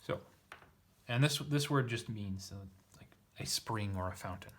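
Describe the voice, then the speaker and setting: Low-voiced man parsing Latin aloud. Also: measured pace, a bit bright. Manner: hesitant, self-correcting, self-deprecating. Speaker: teacher reading Latin scripture. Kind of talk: translating Latin aloud, thinking aloud.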